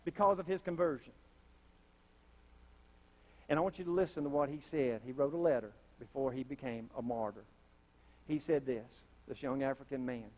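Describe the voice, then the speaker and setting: A man in a church sanctuary preaching a sermon with real fire in it. His voice sits high and it keeps jumping up into loud, impassioned bursts. He keeps calling out to the congregation, asking for responses and a witness. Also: animated, moderate pace. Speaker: pastor.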